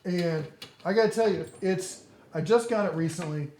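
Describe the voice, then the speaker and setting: Man, slightly higher voice, casual product rundown, enthusiastic, lots of restarts. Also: normal speed, warm tone, a little hiss or hum. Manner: chatty, enthusiastic, many fillers and restarts. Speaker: tool deals show host.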